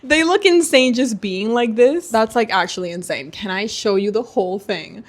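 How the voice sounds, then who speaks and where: Gushing, excitable woman vlogger. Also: on the high side, normal speed, few pauses. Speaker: booktuber host. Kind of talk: casual vlog chat.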